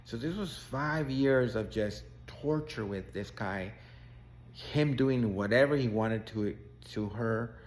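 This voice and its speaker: A man's voice: medium pitch, takes it slowly. A man, a life coach, telling a client's story in an earnest, emphatic casual way.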